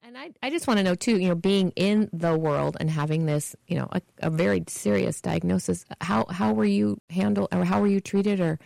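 Interview co-host, very gravelly voice, dry close sound. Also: mid-range voice, moderate pace, hardly any pauses, darkish tone, no room sound.

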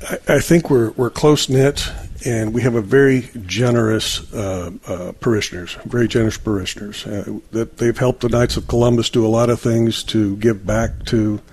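Hesitant volunteer. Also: male voice, fairly low pitch, steady tone, moderate pace, few pauses, darkish tone, breathy edge. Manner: hesitant, many fillers. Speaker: parish volunteer. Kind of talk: radio interview guest.

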